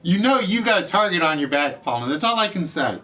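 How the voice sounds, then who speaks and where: A man's voice: high voice, very animated, brisk, pushed and bright. A man hosting a live-streamed word game show, chatty, reading out letters and scores and joking with the players.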